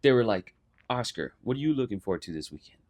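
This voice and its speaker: A young man chats on a podcast, middle-pitched and lively, slipping into mock voices as he retells what people said. He swears freely and keeps the stories rolling in a loose, casual way. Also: quick pace. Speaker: podcast co-host. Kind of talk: casual chat.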